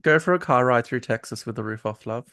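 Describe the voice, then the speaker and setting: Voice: mid-range voice, fairly quick, a crowd in the background. A podcast co-host with an Australian accent in casual chat, cheeky and sarcastic.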